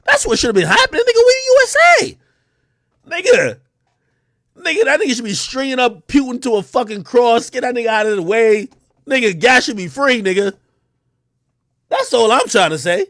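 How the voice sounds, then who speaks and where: Man ranting on a livestream, high voice, swooping pitch, dry close sound, profane and mocking. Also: moderate pace, pauses often, no room sound. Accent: New York. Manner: animated, profane, mocking impressions. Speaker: livestream host. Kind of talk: unscripted livestream rant.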